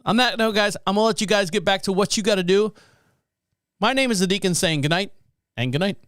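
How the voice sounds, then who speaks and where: A man's voice: high-pitched, quick pace, a bit bright, smooth, dry recording, clean studio sound. A man hosting a podcast in casual chat, rambling a bit, correcting himself and chuckling as he goes. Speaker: podcast host.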